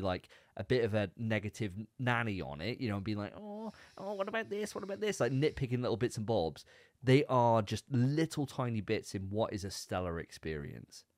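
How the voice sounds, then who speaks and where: A man's voice: lowish voice, darkish tone, no room sound, clean studio sound. A man co-hosting a podcast, chatting casually and rambling with repeated words. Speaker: podcast co-host. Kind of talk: casual chat.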